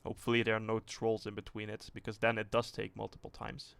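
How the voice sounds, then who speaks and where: A man streaming a tank game live, thinking aloud in a rambling, relaxed way and swearing casually as he sets up a test with viewers. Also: lowish voice, quick pace, vocal fry, clean tone, no echo. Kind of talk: casual livestream commentary.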